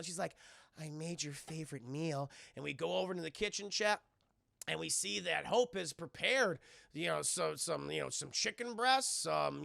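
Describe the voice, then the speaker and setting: A young man excitedly recapping a horror film to his live chat, swearing freely and acting out the characters' yelps. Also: sits high, creaky, no echo, studio quality. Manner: profane, excitable, acts out characters' lines with yelps.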